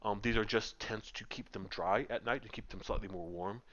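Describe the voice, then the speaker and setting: A man's voice: on the low side, a little fast, a bit bright. A man narrating a tabletop game as game master, describing scenes at length with frequent ums, over muffled voice-chat audio. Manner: descriptive, many filler ums.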